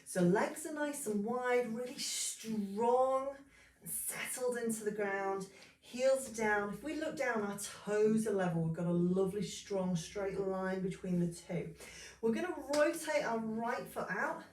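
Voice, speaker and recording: A woman leading a yoga class, calmly calling out poses and breaths step by step with a little humor. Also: medium pitch, a little slow, distant mic. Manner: calm step-by-step cueing, breath counts, light humor. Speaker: yoga instructor. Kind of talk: guided yoga instruction. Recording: roomy, voice a bit off-mic.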